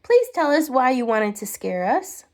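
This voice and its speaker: A woman's voice: high voice, sing-song, unhurried, exaggerated voice. A woman voicing an eager young boy in a storybook reading.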